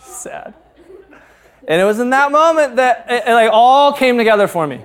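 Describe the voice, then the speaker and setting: A man's voice: extremely high pitch, animated, fast talker, fairly bright tone. A man in his thirties, a pastor, preaching a sermon through candid, humorous personal stories. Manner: candid, humorous storytelling with frequent laughs.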